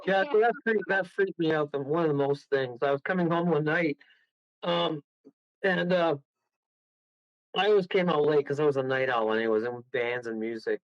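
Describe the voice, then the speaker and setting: Excitable guy from toronto spinning a rambling yarn, high voice, muffled lo-fi line. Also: moderate pace, no room sound. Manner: excitable, rambling, laughs through his story. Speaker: guest medium and paranormal investigator. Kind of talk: casual storytelling on a radio call. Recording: dull lo-fi radio audio.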